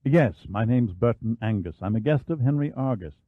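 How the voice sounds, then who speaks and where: A man's voice: mid-range voice, lively intonation, moderate pace, no room sound, close to an everyday voice. A man reading Burton Angus, a polite British officer. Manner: polite, formal phrasing. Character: reserved British naval lieutenant, polite and clipped. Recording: dry, phone-like narrow band.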